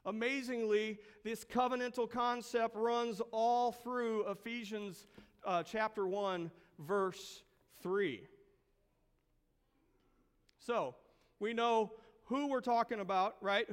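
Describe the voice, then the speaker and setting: A high-pitched male pastor delivers a sermon at an unhurried pace, leaning on drawn-out emphasis and rhetorical questions. His voice rings with the long reverb of a church sanctuary. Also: clear, resonant tone.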